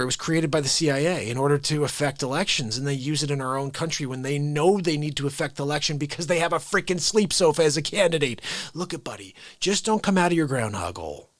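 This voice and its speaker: This livestream host is a man with a high-sitting voice who delivers a comedic rant, animated and excitable, breaking off now and then for laughing asides. The audio is dry and close, with no echo.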